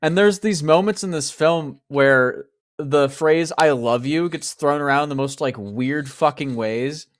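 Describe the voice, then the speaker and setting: A man's voice: on the high side, measured pace, no echo, clean studio sound. A man co-hosting a podcast, casually retelling movie scenes with laughs. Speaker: podcast co-host.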